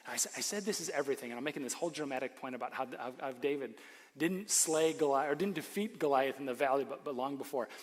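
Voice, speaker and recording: A man preaching a sermon as pastor, animated, swinging between loud emphasis and hushed lines, with joking asides. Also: mid-range voice, quick pace. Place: church. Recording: long hall reverb.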